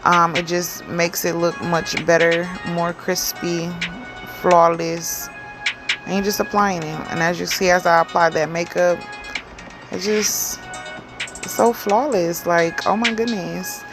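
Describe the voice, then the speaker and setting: A woman walks through a wig tutorial in an unhurried, chatty voice, pitched a little low. She drifts through her steps with plenty of fillers, and soft music plays faintly behind her. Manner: slow, relaxed, chatty explaining with fillers. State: cold and yawning. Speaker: hair stylist demonstrating a wig. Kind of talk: casual tutorial talk.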